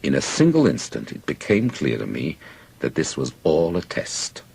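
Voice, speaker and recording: A man narrating an audiobook in first person with measured storytelling. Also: very deep voice, huge pitch swings, vocal fry, a little mellow, slightly rough.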